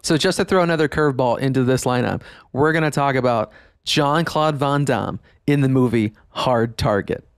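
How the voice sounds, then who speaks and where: A man's voice: mid-range voice, moderate pace, smooth, no room sound, clean studio sound. A man, hosting a nostalgic podcast monologue, enthusiastic and emphatic, laughing often as he talks. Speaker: podcast host.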